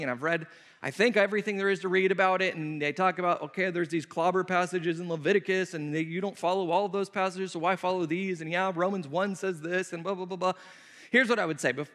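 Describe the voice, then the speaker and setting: A man's voice: high voice, fairly bright tone. A man preaching a conversational sermon, answering questions from the pulpit with emphatic, repeated phrases. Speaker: pastor. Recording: long reverb of a hall.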